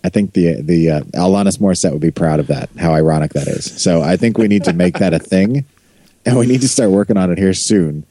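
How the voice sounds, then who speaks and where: A man's voice: sits low, brisk, dry recording. An American man co-hosting a podcast, joking around and asking questions in a casual chat. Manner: animated, joking, asks lots of questions. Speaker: podcast co-host.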